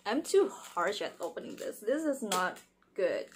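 A young woman chatting casually through an unboxing vlog, very expressive and giggly, squealing with excitement. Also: medium pitch, a little slow, slight background noise. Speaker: vlogger unboxing wrestling merchandise.

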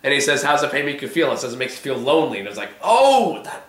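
A man's voice: medium pitch, rapid-fire, bright, forceful tone, echoey room. A man whose voice is giving out, hosting a casual discussion of a TV episode with lots of fillers and swearing. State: hoarse, voice giving out. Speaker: vlog host.

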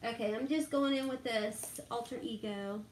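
A woman's voice: on the high side, moderate pace, reverberant. A middle-aged woman, chatting casually and laughing a lot with live viewers while doing her makeup. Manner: chatty, laughs often, reads out viewer names.

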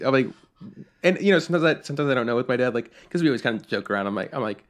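A young man co-hosting a podcast, telling a story in a casual, animated way, swearing and acting out what people said. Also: fairly high pitch, fast talker. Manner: animated, swears a lot, acts out quotes. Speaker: podcast co-host.

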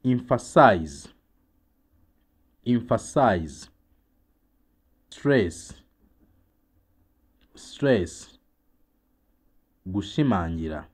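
A man with a Rwandan accent teaching English vocabulary, saying each word twice in a slow, deliberate drill and then translating. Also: fairly low pitch, expressive, husky.

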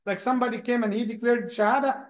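A man gives a lesson as an imam, speaking in a lively, conversational way. He often repeats words while searching for his point. His voice is high for a man. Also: quick pace. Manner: animated, repeats words, acts out people. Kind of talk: mosque lesson.

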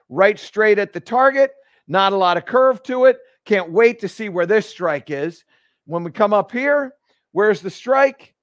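A man hosting a live golf lesson, explaining each move step by step with energetic restarts in an indoor golf studio. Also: high voice, dry recording. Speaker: golf instructor and show host. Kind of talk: live instructional demonstration.

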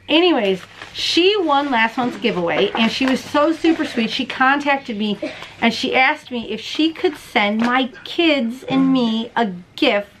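A bright, fairly high-voiced woman talks straight to her camera at home as a crochet and knitting podcast host. She is chatty and bubbly, pokes fun at herself and laughs easily. A faint hiss sits under her voice. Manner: bubbly, chatty, self-deprecating, laughs often. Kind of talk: casual chat to camera. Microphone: camera in front of her.

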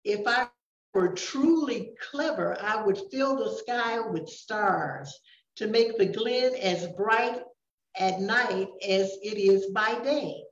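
Older woman reading as a gentle little fairy. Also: mid-range voice, takes it slowly, recorded from a distance, natural voice. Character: small gentle female fairy, shy and kind. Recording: roomy, dull recording.

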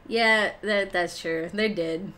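A woman's voice: medium pitch, steady tone, slow pace, sharp tone. A young woman streaming a game live, chatting casually to viewers, often laughing and swearing. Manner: laughs often, swears freely, talks to chat. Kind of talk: casual live-stream chat while gaming. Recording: faint background noise.

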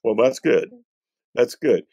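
A man from North Carolina, a Bible scholar answering interview questions in a measured, emphatic, preacherly way. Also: medium pitch, lively intonation, dark tone, husky, no room sound. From North Carolina, USA.

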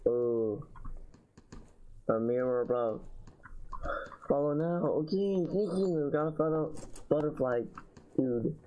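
A man's voice: a little high, slow pace, pauses often, phone-quality sound. A man giving casual let's-play commentary, chatty and slangy, talking to fellow players. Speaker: gamer.

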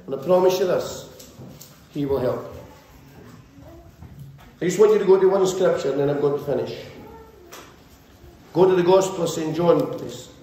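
A man's voice: a little high, moderate pace, pauses often, warm tone, a little hiss or hum. A male pastor preaching a sermon with fervent, repetitive, rhythmic build-ups. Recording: very echoey church hall, faint ambience.

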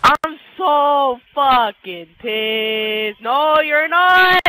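A woman's voice: sits high, lively intonation, moderate pace, pushed and bright, slight background noise, rough recording. A woman gamer raging at a hockey video game, screaming, swearing and muttering under her breath between outbursts. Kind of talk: raging live gameplay commentary.

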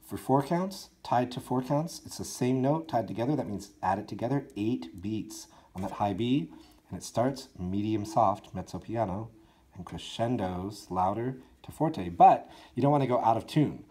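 A man teaching a school band part, talking his students through it measure by measure. He counts out loud, sings the notes, and keeps his tone encouraging. His pitch swings widely from phrase to phrase. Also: lively intonation, moderate pace, breathy edge. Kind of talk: instructional walkthrough for students.

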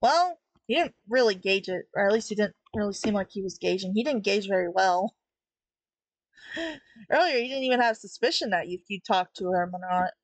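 A woman's voice: medium pitch, expressive, moderate pace, dry recording. A young woman talking through a comic in a casual, critical way, often laughing between remarks. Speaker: webtoon reviewer. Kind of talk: casual commentary while reading.

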